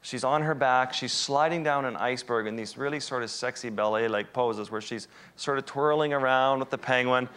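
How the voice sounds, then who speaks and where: A man in mid-range pitch tells a wildlife adventure as a live presentation. He is animated and self-deprecating, tossing in vivid asides as the story unfolds. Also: moderate pace, hardly any pauses, smooth. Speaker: wildlife photographer giving a talk.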